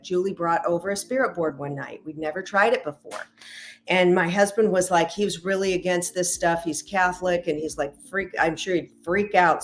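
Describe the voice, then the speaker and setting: A middle-aged woman, a matchmaker and intuitive reader, chatting as a podcast guest and acting out quoted dialogue as she tells stories. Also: on the low side. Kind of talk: casual interview storytelling.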